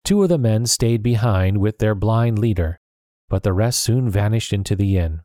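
A man narrating a storybook chapter in a steady, plain first-person reading. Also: fairly low pitch, normal speed, no echo, studio quality. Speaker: audiobook narrator.

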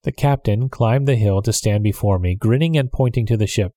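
A man narrating an audiobook chapter in a measured, even storytelling voice on a close microphone. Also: lowish voice, no room sound.

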